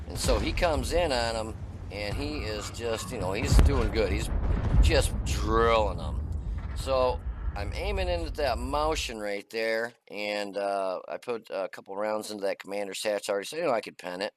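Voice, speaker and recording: A man's voice: fairly low pitch, lively intonation, moderate pace, noisy background. A middle-aged man casually talking through a replay of his tank game, chatty and folksy with lots of "uh" fillers. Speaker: gaming channel host. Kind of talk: casual gameplay commentary.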